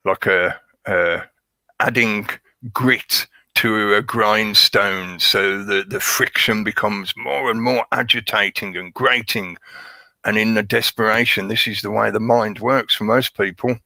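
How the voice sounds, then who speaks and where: A man's voice: lowish voice, fairly even intonation, unhurried, vocal fry, sharp tone, no echo. A man hosting a livestream, rambling through a conspiratorial monologue and greeting his chat. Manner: rambling, conspiratorial, chuckles at his own jokes. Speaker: livestream host.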